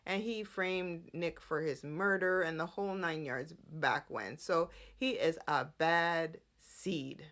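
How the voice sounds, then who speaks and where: A woman's voice: fairly low pitch, a bit bright. A woman hosting a podcast, chatting casually through a soap opera recap and acting out the characters' lines. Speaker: podcast host.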